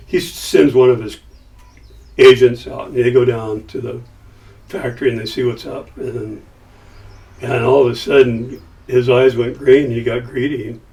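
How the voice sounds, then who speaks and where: An older man talks through a long anecdote in an easygoing, lively way. His voice sits in a middle pitch and slips into the characters he quotes. The mic picks him up from a little distance. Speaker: podcast guest. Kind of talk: casual storytelling.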